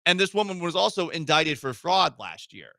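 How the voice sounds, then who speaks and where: A male sports radio host with a bright, forward voice, talking in a joking, animated way and punching certain words hard. He is on a studio microphone with dry, close sound. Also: fairly high pitch, normal speed, creaky, no echo. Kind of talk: casual sports talk radio.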